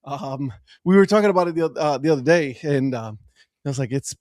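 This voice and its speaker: A man's voice: fairly high pitch, expressive, fairly quick, darkish tone, no room sound, studio quality. A man co-hosting a sports chat, teasing his friends and boasting playfully. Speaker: co-host. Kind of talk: casual chat.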